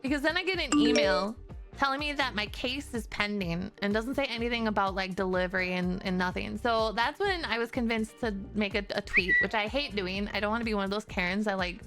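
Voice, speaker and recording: A woman streamer telling a story in a casual rant, animated and exasperated, swearing freely. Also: mid-range voice, a little fast. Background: background music.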